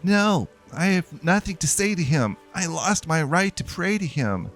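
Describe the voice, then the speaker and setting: A man's voice: a little high, animated, unhurried, a bit bright, soft background music, voice pushed up. A man voicing a frightened young male priest in a video game, stammering and pleading between sobs. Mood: ashamed. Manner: sobbing, stammering pleas.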